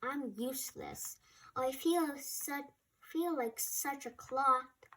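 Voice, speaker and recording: A woman voicing a shy, gentle young male giraffe in a storybook reading, soft and wistful. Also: sits high, slow, rough recording. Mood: sad.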